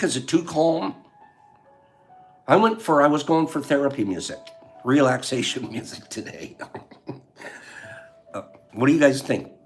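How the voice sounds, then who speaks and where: Playful older man, lively voice. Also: a little high. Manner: playful and joking, laughs often; reads out viewer answers. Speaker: livestream host. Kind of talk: casual live chat with viewers.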